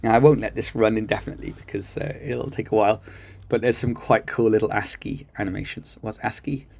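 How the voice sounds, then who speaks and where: In a brisk, steady, fairly low voice with vocal fry, a darkish tone and a breathy edge, a coding teacher talks through a screen-recorded tutorial. He's chatty and enthusiastic, thinking aloud with lots of ums on his computer mic.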